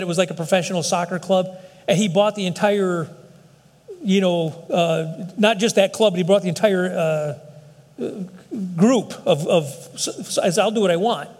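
A man's voice: high-pitched, a little mellow. A man preaching a sermon as a pastor, speaking in a conversational way with fillers and restarts. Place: church sanctuary. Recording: long hall reverb.

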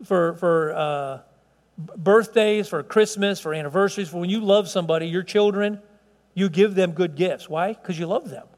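A middle-aged male pastor preaching a sermon, impassioned, with stammering repeats and swings between soft and loud. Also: sits high, normal speed. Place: church sanctuary. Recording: long reverb in a church hall.

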